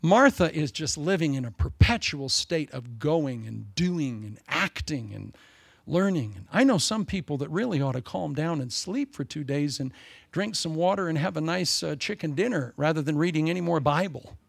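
Older man, sermon, folksy and humorous, gravelly higher voice, dry sound. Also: expressive, normal speed, no room sound. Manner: folksy, humorous, swings from loud to soft. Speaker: preacher.

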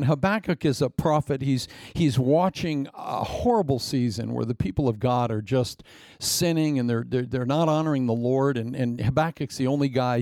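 A male pastor preaching a sermon emphatically, repeating phrases and jumping suddenly in pitch. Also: warm tone, no echo, studio quality.

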